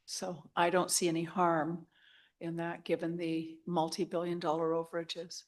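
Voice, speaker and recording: A woman city councillor presenting a motion at a council meeting in a formal, measured way. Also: on the low side, monotone.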